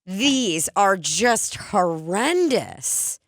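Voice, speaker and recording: A woman's voice: mid-range voice, big pitch swings, very slow, no room sound, studio quality. A woman hosting a podcast in casual chat, giggly and playfully crude, getting worked up easily. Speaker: podcast host.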